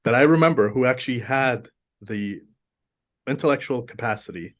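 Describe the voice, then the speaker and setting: A man's voice: mid-range voice, normal speed, fairly bright tone. A man from Afghanistan, a podcast guest in casual conversation, telling emphatic stories and often repeating words as he builds a point.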